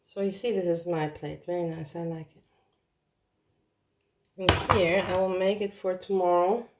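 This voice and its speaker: A woman's voice: lowish voice, steady tone, moderate pace, darkish tone, a little hiss or hum. A woman chatting casually to her viewers while she cooks in her home kitchen. She talks in a blunt, offhand and rambling way. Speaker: vlogger. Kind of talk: casual cooking vlog chat.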